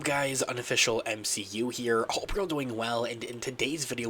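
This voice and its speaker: A man rattles off upbeat channel commentary at a rapid clip, his voice nasal and stuffed up from a cold. He keeps an energetic host's patter going the whole time. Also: mid-range voice, slight background noise. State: sick with a stuffy nose. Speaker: channel host.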